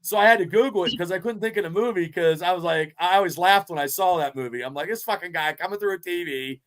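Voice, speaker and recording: A man in his fifties, a podcast co-host, telling rambling, profanity-filled stories in casual chat. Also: fairly high pitch. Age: 50s. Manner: profane, rambling, animated storytelling.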